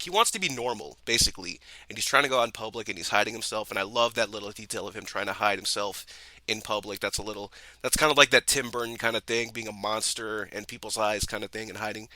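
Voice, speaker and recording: A man's voice: on the low side, sharp tone, dry recording, poor audio. A man co-hosting a casual movie review podcast, talking enthusiastically in long rambling runs full of restarts. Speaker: podcast co-host.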